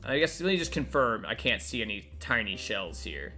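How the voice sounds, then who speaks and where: Guy from north carolina streaming a game, jokey and laughy, bright lively voice. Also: medium pitch, moderate pace, soft background music. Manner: joking, laughs often, animated. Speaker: streamer playing a detective game. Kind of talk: casual gameplay commentary.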